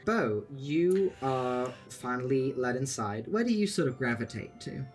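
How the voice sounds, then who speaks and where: A man narrating as game master of a tabletop game, relaxed and descriptive. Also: mid-range voice, measured pace, soft background music.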